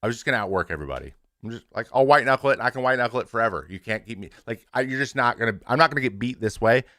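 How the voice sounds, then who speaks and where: A man in his thirties talks openly to his stream audience in a plain, mid-pitched voice. He swears freely and restarts his sentences often. The sound is dry and close, with no room around it. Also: lively intonation, racing, sharp tone, dry recording. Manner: frank and conversational, with restarts and swearing. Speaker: show host, former pitcher. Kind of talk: candid casual talk to a stream audience.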